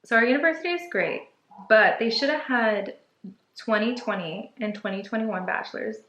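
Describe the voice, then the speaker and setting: A woman's voice: on the high side, moderate pace, fairly bright tone, highs cut off, slight background noise. Candid young woman, echoey room. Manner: candid, opinionated, chatty. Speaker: podcast co-host. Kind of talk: casual advice chat.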